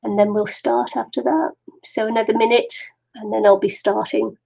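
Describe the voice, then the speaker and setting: A woman's voice: on the high side, flat delivery, moderate pace, vocal fry, mellow. A middle-aged woman chatting casually on a craft live stream, laughing often and talking to herself. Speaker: craft livestream host. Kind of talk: chatty live stream while waiting for viewers. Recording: dull lo-fi live stream audio.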